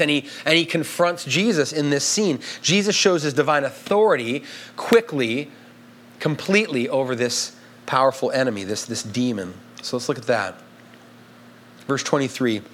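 A man's voice: fairly high pitch, sharp tone. A man preaching a sermon to a congregation in an emphatic, conversational way, often checking in with the listeners. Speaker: pastor.

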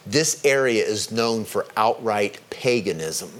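A man preaching a sermon, stressing key words and slowing down to drive his points home. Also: expressive. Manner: emphatic, rises in pitch on key words, slows to stress points.

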